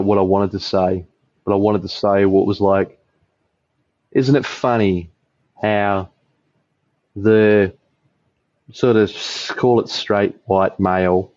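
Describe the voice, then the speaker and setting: A man's voice: on the low side, darkish tone, no echo, highs cut off. A man with an Australian accent, a podcast guest chatting casually over beers, rambling, swearing freely and laughing a lot.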